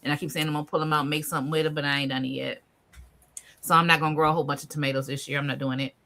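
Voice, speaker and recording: Bright-voiced woman hosting a chat. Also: low-pitched, flat delivery, very fast. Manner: laughs often, drawling Southern slang. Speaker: podcast host. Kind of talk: casual chat.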